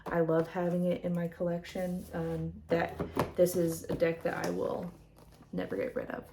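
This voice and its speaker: A woman's voice: fairly low pitch, monotone, normal speed, creaky, noisy background. A woman vlogger chatting casually as she shows her tarot decks, rambling with lots of fillers. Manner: rambling, soft-spoken, many fillers.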